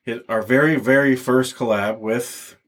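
A man's voice: medium pitch, unhurried. A man hosting a casual podcast, laid back, steering the talk to upcoming episodes. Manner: relaxed, steering the show. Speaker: podcast host. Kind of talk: casual chat.

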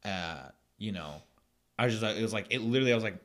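A man co-hosting a podcast in casual chat, rambling with many fillers and restarts and quick to laugh. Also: lowish voice, animated, fairly bright tone. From United States. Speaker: podcast co-host.

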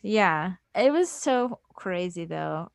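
Relaxed woman podcast co-host. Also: fairly low pitch, slow, vocal fry, crowd noise. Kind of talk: casual chat.

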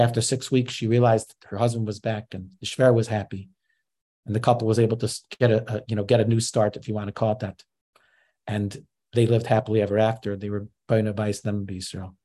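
Man preaching, husky voice, earnest storyteller tossing in hebrew and yiddish words. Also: mid-range voice, mellow. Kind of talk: sermon parable storytelling.

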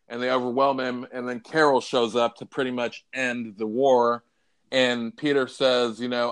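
A man with a smooth, resonant voice talks in a loose podcast chat. He swears freely and retells scenes with feeling, often quoting lines. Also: mid-range voice, a bit bright. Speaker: podcast co-host. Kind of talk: casual chat.

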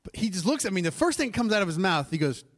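A man, preaching a sermon in a conversational, animated storytelling way with asides to the congregation. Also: high-pitched, racing. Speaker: pastor.

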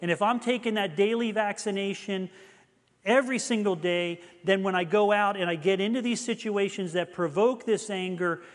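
A man's voice: sits high, moderate pace, in a large hall. A middle-aged man preaching a sermon, telling a personal story in an earnest, confessional way.

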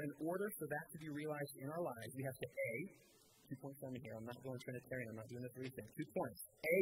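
In a church, a young American man preaches, relaying stories in a casual, filler-heavy way as a pastor. His voice is medium-pitched, and the poor audio carries slight background noise.

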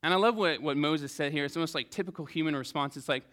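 A man's voice: on the high side, fairly quick, hardly any pauses, bright, forceful tone. A man preaching a Sunday sermon, reading scripture and then talking it through in an earnest, conversational way with frequent restarts.

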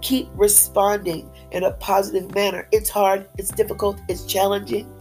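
A woman's voice: mid-range voice, little pitch movement, normal speed, darkish tone, soft background music, poor audio. Peppy woman giving a faith-based pep talk. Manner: peppy and upbeat, repeats phrases for emphasis. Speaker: motivational speaker.

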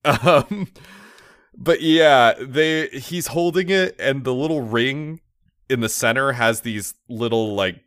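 A man's voice: medium pitch, a bit bright, no room sound, clean studio sound. A man co-hosting a podcast, casually recapping an anime episode with rambling asides and many fillers. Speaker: podcast co-host.

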